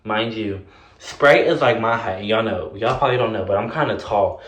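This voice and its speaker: A young man casually telling a story in a vlog, animated and sassy, full of fillers and cursing. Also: fairly low pitch, moderate pace, echoey room.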